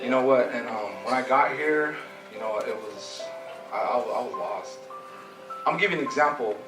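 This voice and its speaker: Halting man giving testimony in an echoey church. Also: medium pitch, expressive. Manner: halting, fillers, casual street talk. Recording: roomy hall, mic far off, music behind.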